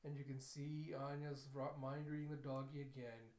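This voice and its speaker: A man recapping and reacting to an anime episode, telling the story in an animated, storytelling way. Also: medium pitch, normal speed. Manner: animated storytelling, laughs at cute moments. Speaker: anime reviewer. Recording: echoey room.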